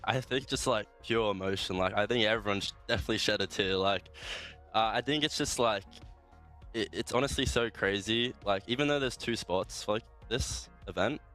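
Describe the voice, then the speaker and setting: A young man speaks as a pro player guest in a fairly low voice. He rambles casually and emotionally, full of filler. Faint music plays underneath. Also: normal speed, pushed and bright. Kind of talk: casual post-match interview.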